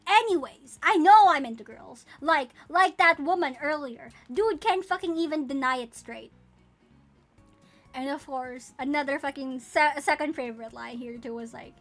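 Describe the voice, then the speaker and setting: A young woman streamer chatting casually and profanely, breaking into excited squeals. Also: sits high, a little slow, faint music behind. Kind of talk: casual live-stream chat about her characters.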